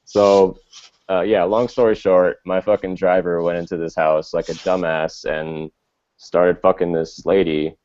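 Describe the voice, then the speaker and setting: A man's voice: sits low, little pitch movement, unhurried, darkish tone. A young man telling a long, rambling story in casual chat, full of filler words and swearing. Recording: dull lo-fi audio.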